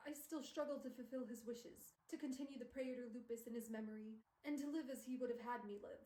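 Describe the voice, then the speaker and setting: A woman's voice: a little high, fairly even intonation, fast, warm tone, lightly acted. Woman reading a stern werewolf leader in her own voice, echoey room. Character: world-weary male werewolf leader, stern.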